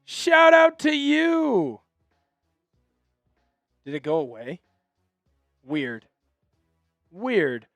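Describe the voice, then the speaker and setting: Excitable high-voiced male stream host. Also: vocal fry, dry recording, soft background music. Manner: excitable, chatty, quick to apologize. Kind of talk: fan play-by-play live stream.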